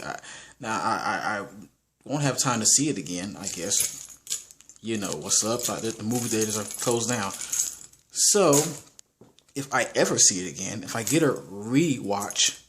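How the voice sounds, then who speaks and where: A man giving a casual, rambling movie review, full of restarts and slang. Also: on the low side.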